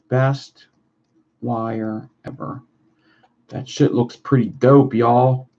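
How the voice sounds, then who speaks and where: Very slow, with frequent pauses and fairly even intonation, a mid-range male voice chats loosely and profanely with viewers while building vape coils on a livestream. The stream audio is dull and lo-fi, with faint noise.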